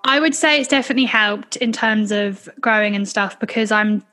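A woman's voice: mid-range voice, brisk, bright, forceful tone. Chatty young woman telling dramatic stories. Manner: chatty, dramatic storyteller with lots of fillers. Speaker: podcast guest. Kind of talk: casual storytelling.

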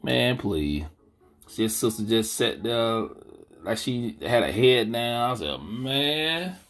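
A man's voice: fairly low pitch, lively intonation, slow pace. A man hosting a podcast, talking casually in African American Vernacular English, blunt and indignant, with a habit of asking "you know what I'm saying". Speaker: podcast host. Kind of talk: casual commentary monologue.

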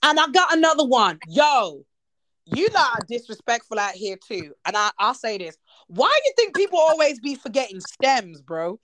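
A woman's voice: a little high, normal speed. A woman hosting a podcast, chatting casually and teasing her guests with plenty of swearing. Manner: animated, profane, teasing. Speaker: podcast host. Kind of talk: casual chat.

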